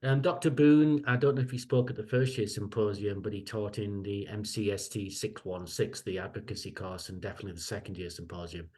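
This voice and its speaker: Man, low voice, middle-aged lecturer, rambling, repeats himself, casual advice. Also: a little fast, hardly any pauses, darkish tone. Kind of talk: casual online meeting talk.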